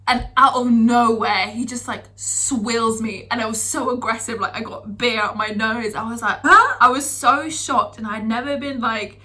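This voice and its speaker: Young British woman, vlogger, bright-toned, chatty storyteller, a bit high. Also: moderate pace, hardly any pauses. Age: young adult. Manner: chatty, animated, lots of fillers. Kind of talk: casual storytelling.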